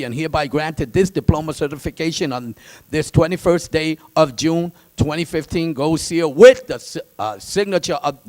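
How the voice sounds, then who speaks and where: A man who teaches auctioneering, presenting diplomas with high energy and emphasis. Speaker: auctioneering instructor. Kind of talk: energetic ceremony speech.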